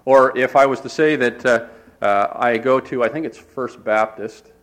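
A pastor preaches from the front of his church. His voice sits at an ordinary middle pitch for a man. He rambles in a relaxed, conversational way, stopping often on uh and restarting his phrases. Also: normal speed. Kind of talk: sermon. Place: church sanctuary.

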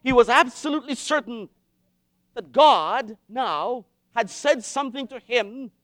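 Man, preacher, very high voice, impassioned sermon, dramatic pauses, repetition, dry close sound. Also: a bit bright, dry recording.

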